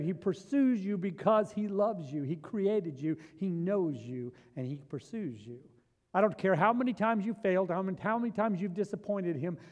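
A middle-aged man preaching a sermon as pastor, swinging from hushed, intimate storytelling to loud, rising emphasis. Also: high voice. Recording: reverberant hall.

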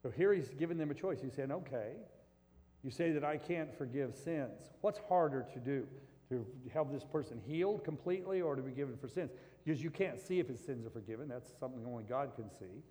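A man preaching a sermon, swinging between loud emphatic stretches and quiet, low scripture reading. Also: lively intonation, brisk. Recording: long reverb of a large hall.

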